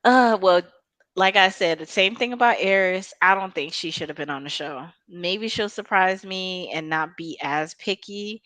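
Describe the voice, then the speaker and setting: A woman co-hosting a casual podcast, skeptically talking about a reality show and jumping into high voices to act out quotes. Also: a bit bright, no echo. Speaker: podcast co-host.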